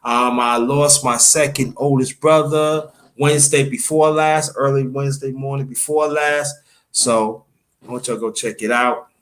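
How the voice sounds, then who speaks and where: A man from Brooklyn, telling a halting, emotional family story on a livestream and thanking viewers by name. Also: mid-range voice, steady tone, fairly bright tone. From Brooklyn, New York. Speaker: livestream host.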